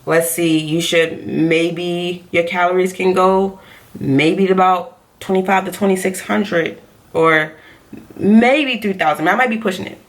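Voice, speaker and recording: A woman's voice: lowish voice, steady tone, measured pace. A woman coaching on diet in a casual vlog, chatty and repeating her points for emphasis.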